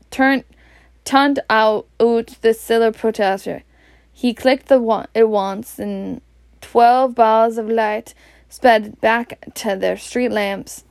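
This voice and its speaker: A woman with a Scottish accent reads a storybook aloud, slow and even, her slightly high voice hardly rising or falling. There is a gravelly fry in her tone. The recording is close and dry. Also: no echo. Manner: slow, even, with slips and restarts. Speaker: reader. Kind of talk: storybook reading in Scots.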